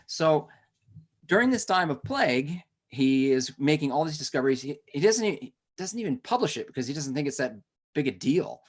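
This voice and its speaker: Conversational male history teacher. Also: a little high. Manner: conversational, asides and self-corrections. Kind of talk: lesson on a recorded webinar.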